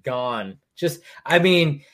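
A man hosting a casual stream chat, telling animated stories and leaping up in pitch when acting out quotes. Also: drawn-out words. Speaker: stream host.

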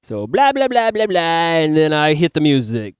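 A man hosting a podcast in casual chat, animated as he acts out his own lines and swears freely. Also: fairly high pitch, normal speed, noisy background. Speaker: podcast host. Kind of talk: casual chat, telling a dream.

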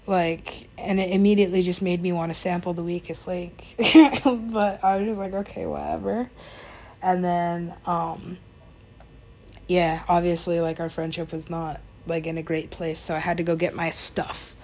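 A young woman with a fairly low voice tells a personal story in a loose, chatty way. She rambles, leans on filler words, laughs often and swears freely. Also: little pitch movement, normal speed, a little mellow. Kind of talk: casual storytime.

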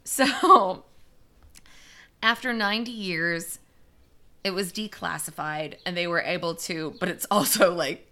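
Recounting a disaster in a relaxed podcast chat, this young co-host talks at a measured pace, pausing often. Her voice is fairly low with a sharp tone, and her chatty telling is loaded with fillers and the occasional swear word.

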